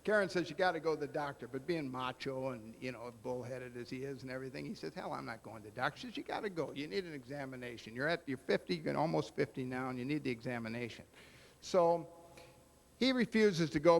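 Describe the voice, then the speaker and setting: Roast emcee, male, slightly high voice, storyteller who voices the punchlines. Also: quick pace. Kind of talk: telling jokes at a roast.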